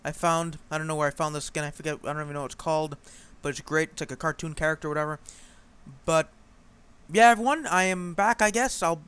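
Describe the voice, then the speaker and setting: A man's voice: a little high, fast, fairly bright tone, smooth. A man hosting a game play-through, chatting in a rambling way with many fillers. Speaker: gaming channel host. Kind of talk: let's play commentary.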